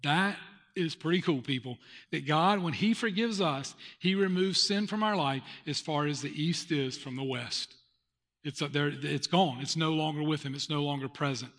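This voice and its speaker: Male pastor, sermon, confessional storyteller, emphatic, slightly high voice, long reverb. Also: normal speed, fairly bright tone.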